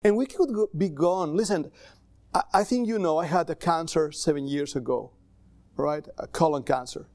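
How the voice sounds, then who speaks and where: A male pastor preaching a sermon in a church in accented English with small grammar slips, conversational and animated. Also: fairly high pitch, normal speed, no room sound. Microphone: livestream camera mic.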